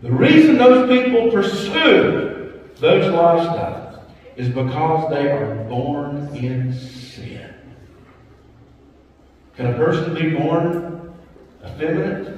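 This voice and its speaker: A middle-aged man preaching a sermon as pastor, talking conversationally with soft asides and raised emphasis, in a church sanctuary. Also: fairly high pitch, slight background noise. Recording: distant echoey church hall, dull and lo-fi.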